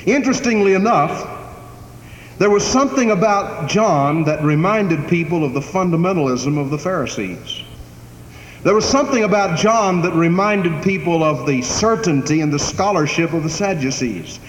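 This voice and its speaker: A man preaching a sermon as pastor, emphatic, swelling and dropping his volume for effect. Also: high-pitched. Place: church sanctuary. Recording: echoey church hall, faint background noise.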